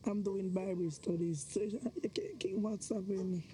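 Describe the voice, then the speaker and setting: An actress playing Mary, a prim churchgoing Jamaican wife who scolds her husband to lower his voice. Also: fairly even intonation, moderate pace, warm tone, slight background noise, natural voice. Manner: scolding, insisting on respectability. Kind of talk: Jamaican film drama acting.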